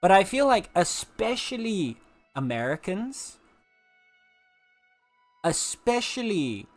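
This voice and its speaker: A man with a South African accent talks through his opinions in a loose, casual streamer chat, often restarting and leaning on filler words. His voice sits a little on the high side for a man, and quiet music plays faintly behind him. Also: sing-song, slow.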